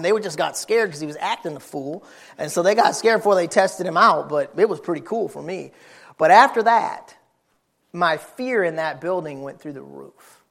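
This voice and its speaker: Animated high-voiced male preacher. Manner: animated, folksy, emphatic. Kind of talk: storytelling sermon.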